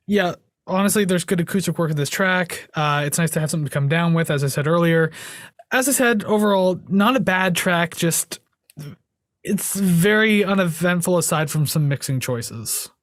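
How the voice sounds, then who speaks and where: A man's voice: high-pitched, moderate pace, no echo, studio quality. A young man co-hosting a music podcast, rambling casually with lots of fillers and frequent laughter. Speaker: podcast co-host. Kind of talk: casual chat.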